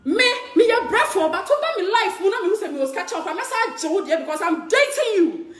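A woman's voice: very high voice, sing-song, fairly quick. A woman with a Ghanaian accent giving a heated rant to camera. She talks emphatically, repeats her points and laughs scornfully between lines. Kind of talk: heated mixed-language rant. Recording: echoey room.

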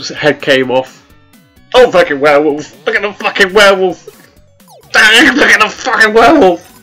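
A man with a mid-range, sharp-toned voice hosts his gaming channel, offering comedic let's-play commentary. He swears constantly and lets out mock-terrified yelps and groans as he plays.

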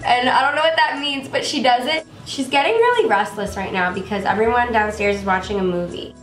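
A woman's voice: fairly high pitch, brisk, echoey room, distant mic, over music. Chatty young woman vlogging about her dog. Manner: gushing, chatty, many fillers. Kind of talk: casual chat about her pet.

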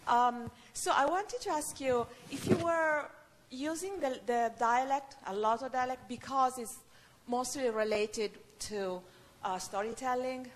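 A woman's voice: sits high, measured pace. A woman from Italy with an Italian accent, asking a speaker a question in English and repeating it in Italian, with some hesitation. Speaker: audience member asking question and interpreting. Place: college lecture hall. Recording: long hall reverb with faint room noise.

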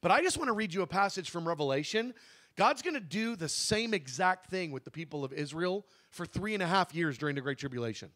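High-voiced man teaching Bible. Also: lively intonation, fairly bright tone. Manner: emphatic, slows down to stress key words; conversational, with asides and self-corrections.

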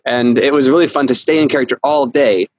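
A man's voice: medium pitch, fairly quick, no room sound, low-quality recording. Man, actor guest, casual interview chat, laughs often, dry close sound. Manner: animated storyteller, laughs often, acts out quotes.

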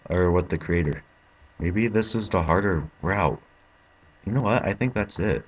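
Low husky frustrated young gamer man. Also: moderate pace. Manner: frustrated, swearing, bursts into yelling. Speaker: gameplay commentator. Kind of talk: let's play commentary.

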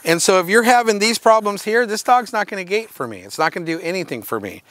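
A man teaching a hands-on workshop, his voice sitting a little higher than most men's. He gives short, direct commands and mixes in playful asides between them. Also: animated, fast talker, fairly bright tone, no echo. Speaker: dog show handling instructor.

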